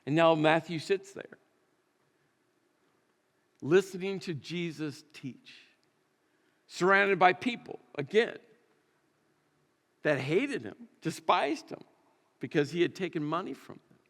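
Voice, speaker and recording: A man's voice: fairly high pitch, animated, slow, pauses often, fairly bright tone, in a large hall. A man preaching a sermon in a conversational, storytelling way, with emphatic repetitions. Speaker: pastor. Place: church sanctuary.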